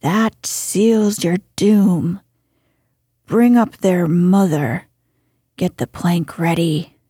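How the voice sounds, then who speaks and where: A woman's voice: lowish voice, very slow, mellow, husky, no room sound, clean studio sound, exaggerated voice. A woman voicing a menacing pirate captain who blusters in old-fashioned pirate talk, in a storybook reading.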